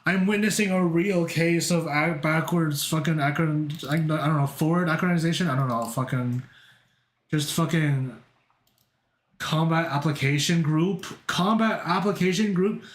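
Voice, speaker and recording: A male streamer chatting with his viewers, rambling and excitable, tripping over filler words and swearing a lot. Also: on the high side, normal speed. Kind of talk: casual chat with stream viewers. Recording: echoey room.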